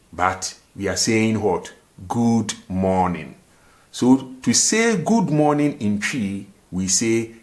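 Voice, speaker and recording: A man teaches a language lesson at an unhurried pace. His voice sits somewhat low. He drills each phrase and poses little "and that is what?" questions to the learner. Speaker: language teacher, show host. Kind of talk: language lesson, slow and repetitive.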